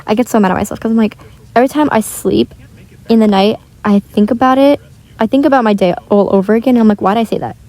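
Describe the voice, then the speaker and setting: A teenage gaming vlogger with a slightly high, warm voice chats quickly and casually while she plays, rambling with lots of filler words. The audio is poor, recorded on wireless earbuds in a shared bedroom.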